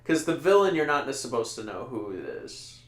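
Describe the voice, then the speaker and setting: A man co-hosting a casual podcast, reviewing a movie in a rambling, animated way and laughing often. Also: medium pitch, moderate pace, roomy sound. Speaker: podcast co-host.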